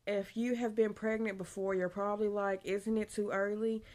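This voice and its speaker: A woman's voice: medium pitch, little pitch movement, moderate pace, a little mellow. Woman vlogging her pregnancy, chatty, kinda out of breath, laughs a lot. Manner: chatty, laughs often, says y'all. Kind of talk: casual pregnancy update vlog.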